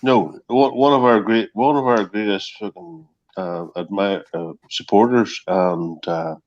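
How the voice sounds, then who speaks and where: A man's voice: lowish voice, measured pace. A middle-aged man, chatting casually and profanely on an online call, full of ums and restarts. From Northern Ireland. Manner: rambling, profane, many ums. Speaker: stream co-host. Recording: dull lo-fi call audio.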